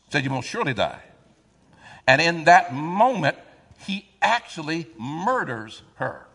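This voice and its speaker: A man preaching a sermon, reading scripture aloud and drawing the congregation in with call-and-response questions and sudden loud swells. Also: fairly high pitch, sing-song, unhurried, gravelly, breathy edge, long reverb tail.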